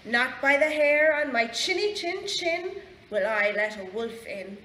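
A woman with an Irish accent voicing a rude little male pig who shouts and drags out his threats, in a storybook reading. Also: mid-range voice, takes it slowly, recorded from a distance, slight background noise, lightly acted. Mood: rude shouting. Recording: echoey library room.

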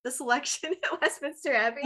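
A woman's voice: high voice, a little fast, bright, forceful tone. A woman from the United States co-hosting a casual chat, talking loosely and laughing often. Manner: chatty, laughs often, trails off with "like". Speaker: podcast co-host.

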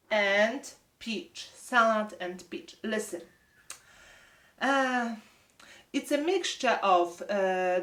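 Polish lady teacher doing kids english drills, slightly high voice, sounds roomy and distant. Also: a bit bright. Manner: slow, drawn-out drills with repeated prompts. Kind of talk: English lesson for young children.

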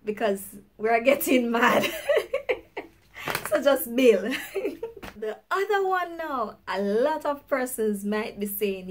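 Slow-talking Jamaican woman vlogger. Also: a little high, lively intonation. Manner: chatty, laughs often, drawn-out emphasis. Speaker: YouTube host teaching slang. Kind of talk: casual teaching vlog.

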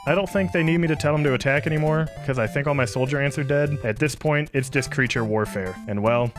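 A man's voice: fairly high pitch, steady tone, brisk, few pauses. A man giving playful, joking commentary while playing a strategy game, talking to his in-game troops. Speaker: gaming YouTuber. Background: background music.

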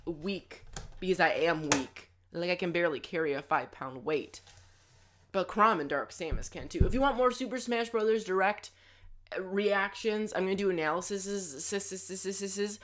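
A woman reacting to a game trailer as a YouTuber, gushing and excitable, with loud exclamations and jokey asides. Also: on the low side.

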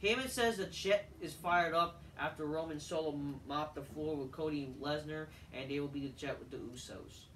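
A man's voice: a little high, normal speed, few pauses, fairly bright tone. A man giving a casual solo review of a wrestling show, ranting and swearing a lot and repeating his points. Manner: profane, ranting, repeats himself. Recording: echoey room, distant mic, faint noise.

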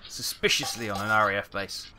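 A Welsh man hosting a gaming video chats and mutters casually through a simulator game as he plays, letting out a run of British exclamations. His voice is lowish and steady, a little fast, with background noise present.

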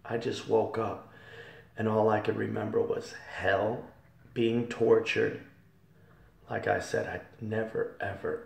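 A man with a low, gravelly voice delivers a fervent church testimony, repeating phrases and building to loud peaks. He sounds distant, his voice ringing around an echoey hall. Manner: fervent, repetitive, swells loud on key phrases. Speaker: testimony speaker.

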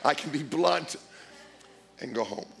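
A man preaching as a guest speaker, blunt and emphatic, swinging between quiet asides and loud declarations. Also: a little high, lively intonation, unhurried, creaky. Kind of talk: sermon.

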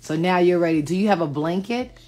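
A middle-aged woman in casual chat to camera, relaxed and slangy, bantering playfully with her daughter. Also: on the low side, fairly quick, faint music behind. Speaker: vlogger and mother.

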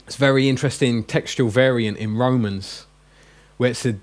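A man teaches a room full of adult learners. He keeps a chatty, joking tone and slows down to drill each sound. His pitch sits in the middle range. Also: steady tone. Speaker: Greek teacher. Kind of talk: classroom lesson. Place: classroom with a group.

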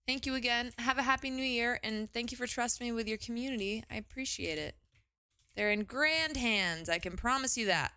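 A young woman streaming a game, chatting casually and gushing with excitement, often exclaiming and swearing. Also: a little high, brisk, clean tone, no room sound. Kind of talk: casual live gaming commentary.

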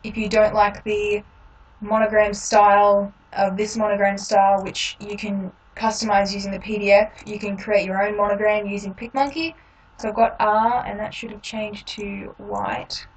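A woman hosting a step-by-step software tutorial, explaining each click in a relaxed way with frequent ums. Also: mid-range voice, moderate pace, far from the mic, poor audio. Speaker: tutorial host.

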